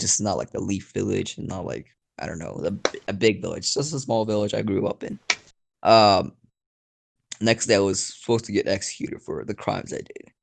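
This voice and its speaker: A man's voice: on the low side, gravelly. A man telling an improvised story in a rambling, profane, casual way, with frequent laughs. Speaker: storyteller YouTuber.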